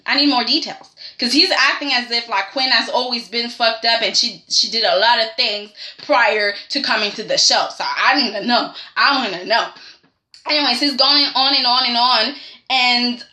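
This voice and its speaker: A woman's voice: on the high side, bright, forceful tone. A woman giving a sassy, chatty recap of a soap episode, full of "like" and "okay?", in a roomy recording. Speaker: soap opera reviewer. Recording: roomy echo.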